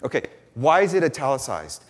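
A pastor delivers an earnest teaching sermon, explaining a passage point by point and leaning hard on the key words. His mid-range voice swoops wildly in pitch at a fairly quick pace, and the recording has long hall reverb.

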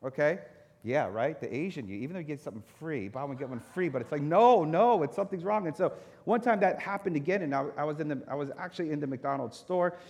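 A man's voice: fairly high pitch, quick pace. A man who is a pastor, telling a personal story in a sermon and acting out his own reactions. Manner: animated storyteller, acts out his own anger. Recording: echoey hall reverb.

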